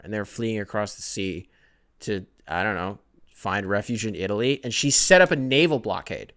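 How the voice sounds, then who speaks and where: A young man hosting a podcast, ranting casually with lots of swearing and quick put-on quotes. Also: on the low side, animated, a bit bright. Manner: profane, rambling, jumps into mocking quoted voices. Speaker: podcast host. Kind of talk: casual comedic rant.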